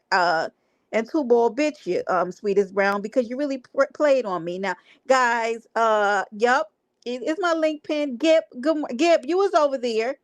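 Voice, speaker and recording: A woman hosts a livestream, talking to her chat in a brash, playful way with plenty of profanity. Her voice is on the high side, with no echo.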